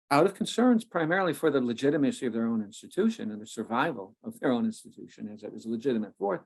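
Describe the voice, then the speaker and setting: A male author talking as a podcast guest, with an average-pitched voice. He speaks with passion, often restarting his phrases and slowing down to stress key points. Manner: impassioned, restarts often, slows for emphasis. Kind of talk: podcast interview.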